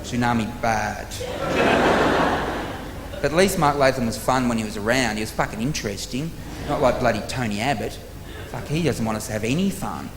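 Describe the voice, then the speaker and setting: A man doing stand-up comedy with an Australian accent, telling exasperated, profane stories with sudden loud outbursts to a live audience. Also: mid-range voice, quick pace. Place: large theatre stage before a live audience. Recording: live theatre recording with long hall reverb and audience noise.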